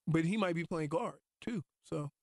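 A man's voice: on the high side, moderate pace, no echo, clean studio sound. A man cohosting a casual sports talk show, teasing the others and laughing often. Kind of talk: casual banter.

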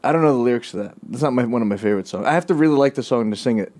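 A man's voice: mid-range voice, racing, darkish tone. A man chatting casually on a podcast, laughing often and swearing freely. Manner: laughs often, loose and profane. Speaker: impressionist guest.

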